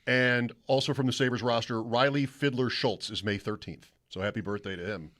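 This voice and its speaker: A man's voice: mid-range voice, steady tone, normal speed, a bit bright. A man hosting a sports radio show, talking casually in a rambling, self-interrupting way from the studio.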